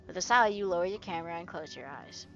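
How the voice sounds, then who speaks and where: A young woman streamer reading a visual novel aloud in a steady storytelling way. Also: on the low side, fast talker, highs cut off, faint music behind.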